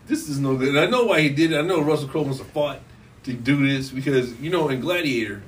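A man co-hosting a casual podcast about movies, laid-back and trailing off quietly at times. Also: mid-range voice, animated, quick pace. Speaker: podcast co-host. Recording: distant mic with faint background noise.

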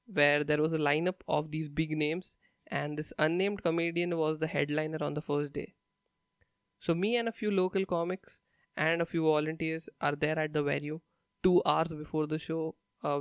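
A young man tells stories in a blunt, profane, casual way. His voice sits a little high and has a gravelly edge. The recording is dry and close, with no room sound. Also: no echo. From India. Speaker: stand-up comedian. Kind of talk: casual monologue.

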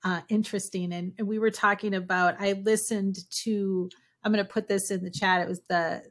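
A woman's voice: medium pitch, little pitch movement, moderate pace. A woman from Minnesota with a Minnesotan accent, interviewing a guest and affirming his ideas encouragingly. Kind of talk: interview conversation.

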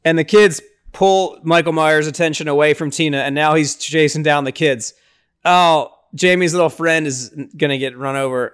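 Excitable young man recapping a movie. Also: normal speed, clear, resonant tone. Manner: excitable, lots of fillers, acts out lines in high voices. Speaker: podcast host recapping a film. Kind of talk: casual movie recap chat.

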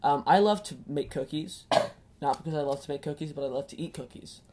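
A woman's voice: low-pitched, a little fast, warm tone, a little hiss or hum. A woman hosting a podcast, telling rambling food stories in casual chat and laughing often. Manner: giggly, rambling storyteller. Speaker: podcast host.

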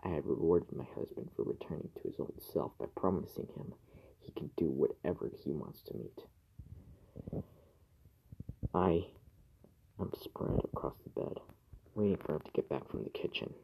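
A man reading a first-person horror story in a slow, hushed way that often drops to a whisper. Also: a bass voice, creaky, slight background noise, rough recording. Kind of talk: scripted horror narration.

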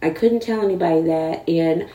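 Recorded far from the mic in a rough, reverberant clip, a woman with a low voice speaks at normal speed. She's a guest in a frank conversation, recounting her story with animation and performing the voices of those she quotes.

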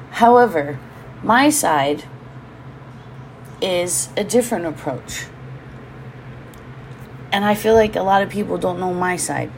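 Candid woman, slightly low voice. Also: darkish tone, a little hiss or hum. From Hawaii. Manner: candid, swears freely, goes off on rambling side rants. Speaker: podcast host. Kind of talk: casual solo podcast monologue. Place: at home.

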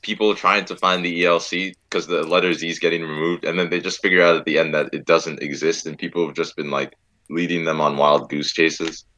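Deep-voiced young man rambling casually. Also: fairly even intonation, a little fast, bright, forceful tone. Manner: rambling, laughing, goofy storytelling. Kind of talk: casual chat.

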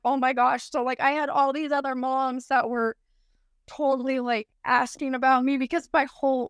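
A woman in her thirties, a guest on a podcast, tells a personal story casually, rambling and saying "like" constantly. Her voice is on the high side, clear and resonant, captured dry with clean studio sound.

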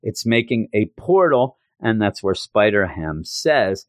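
A man co-hosting a podcast, recapping a comic issue in casual chat and switching into goofy high voices when quoting characters. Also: a little slow, few pauses, no room sound, studio quality. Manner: animated retelling, jumps into high goofy voices for quotes. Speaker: podcast co-host reviewing comics.

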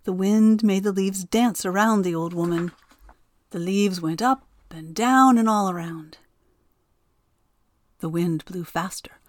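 A woman narrating a storybook tale in a gentle, expressive way. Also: medium pitch, unhurried, dry recording, clean studio sound.

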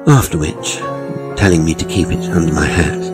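Deep-voiced horror narrator. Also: male voice, loud music behind the voice, poor audio. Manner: measured, dryly ironic storytelling. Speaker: author and narrator. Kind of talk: scripted horror story narration.

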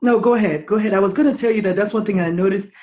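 A woman's voice: mid-range voice, rapid-fire, dark tone. A woman from Nigeria, hosting a podcast interview and talking empathetically, thinking aloud with rhetorical questions. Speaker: podcast host. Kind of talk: conversational interview.

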